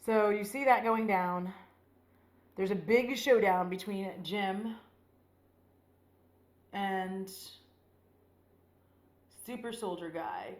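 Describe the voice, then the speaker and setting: A woman's voice: medium pitch, extremely slow, pauses often. Profane, rambling woman vlogger, echoey room. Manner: rambling, profane, animated retelling. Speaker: beauty vlogger. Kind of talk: casual get-ready-with-me chat. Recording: roomy echo.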